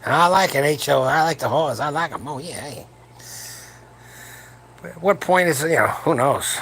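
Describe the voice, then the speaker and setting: A man's voice: on the high side, moderate pace, gravelly, a bit bright, slightly rough. A man in his seventies hosting a late-night livestream for his powerlifting channel, talking in a crude, rambling, joking way from home while his wife sleeps nearby. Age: 70s.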